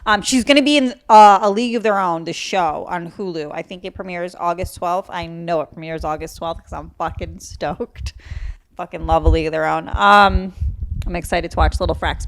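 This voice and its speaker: A woman's voice: mid-range voice, a bit bright. A young adult woman hosting a solo comedy podcast, talking casually with lots of swearing, jokes and bursts of mock outrage. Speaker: podcast host.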